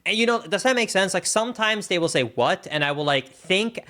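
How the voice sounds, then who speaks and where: A man's voice: high voice, expressive, a little fast, pushed and bright. A young man, a streamer telling a story in casual chat, rambling with lots of fillers. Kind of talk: casual chat while gaming.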